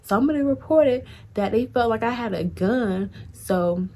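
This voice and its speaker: Husky young woman telling a story. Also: a little high, moderate pace. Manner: animated, chatty, addresses viewers directly. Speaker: vlogger. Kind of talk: casual storytime.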